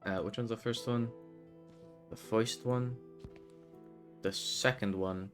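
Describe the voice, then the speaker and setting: A man's voice: lowish voice, steady tone, slow, soft background music. A man streaming a game, talking to himself in a grumbling, frustrated way. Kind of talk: casual gameplay commentary.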